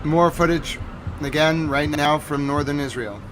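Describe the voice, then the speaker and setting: A man hosting a live stream, joking and repeating himself as he reacts to news footage, swinging between loud outbursts and quiet mutters. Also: fairly high pitch, a little slow, background noise.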